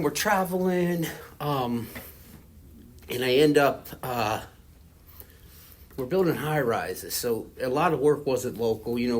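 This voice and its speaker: A man in his forties speaking at a recovery fellowship meeting. He tells his story candidly and casually, rambling with lots of "you know" and "like". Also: medium pitch. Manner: candid and self-deprecating about his past. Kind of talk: personal recovery testimony.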